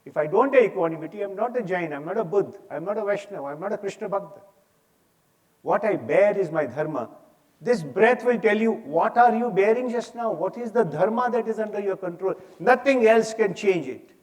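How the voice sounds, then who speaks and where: A man's voice: high voice, animated, brisk, darkish tone. An older man with an Indian English accent giving an emphatic, preachy talk on values at a conference. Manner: preachy, emphatic, rising and falling in force. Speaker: speaker. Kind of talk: inspirational talk on stage. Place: conference hall.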